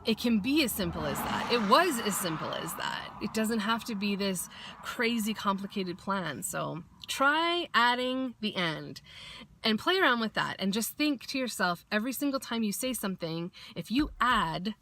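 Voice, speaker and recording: A woman's voice: medium pitch, lively intonation, moderate pace, fairly bright tone. A woman vlogging in a casual motivational way, chatty and blunt, swearing freely and acting out little quotes.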